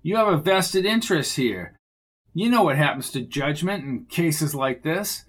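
Man reading steady cautious colleague, measured, reasoning, a bit higher voice. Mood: calm reasoning.

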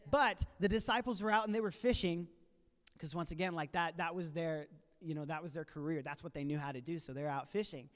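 A man's voice: fairly high pitch, brisk. A man on a church panel, retelling a story in a casual preaching style and acting out the quoted lines. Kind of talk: conversational preaching. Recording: live in a reverberant church hall.

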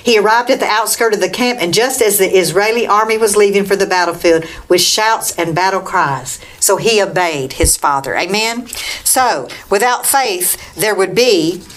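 Woman preacher, bible lesson, mid-pitched voice, reads scripture aloud, calls out amen. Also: moderate pace. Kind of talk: bible teaching talk.

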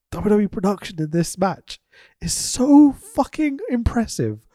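A man's voice: high-pitched, very animated, takes it slowly, dark tone, dry recording, studio quality. A man co-hosting a wrestling podcast, sweary and laughing often in casual review chat.

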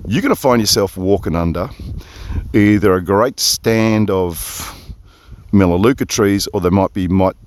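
Man, lowish voice, chatty rambling diary, phone-close outdoor sound. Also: unhurried, a little mellow. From Perth, Australia. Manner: rambling, easily sidetracked, chatty asides. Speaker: audio diarist. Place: outdoors under a big tree, windy. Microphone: phone resting close on his face.

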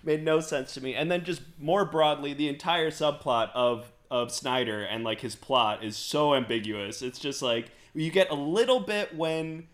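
A man's voice: on the high side, normal speed, few pauses, fairly bright tone. A man co-hosting a podcast, talking in a rambling, sarcastic way full of "like" fillers and swearing. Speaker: podcast co-host. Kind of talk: casual chat.

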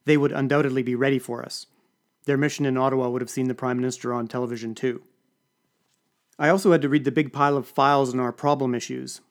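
A man's voice: mid-range voice, fairly even intonation, quick pace. A man narrating an audiobook with dry, wry storytelling. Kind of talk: scripted narration.

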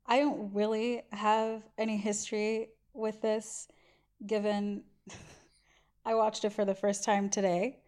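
A woman's voice: mid-range voice, darkish tone. A woman co-hosting a podcast, chatting casually and laughing at herself. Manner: chatty, self-deprecating, giggly. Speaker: podcast co-host. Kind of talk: casual chat.

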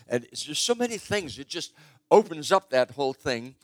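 A man's voice: a little high, sing-song, moderate pace, no room sound. An older man preaching a sermon in a conversational, storytelling way, stressing his key points. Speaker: pastor.

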